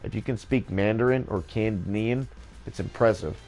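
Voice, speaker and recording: A man's voice: fairly low pitch, moderate pace, gravelly, darkish tone, soft background music. A man in a rambling, joking casual monologue, swearing freely as he goes.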